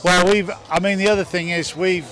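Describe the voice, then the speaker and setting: Interviewed at an event, a business owner talks casually about his company and tells anecdotes. His high-pitched, fairly bright voice stays steady in tone at a fairly quick pace, with faint music behind him.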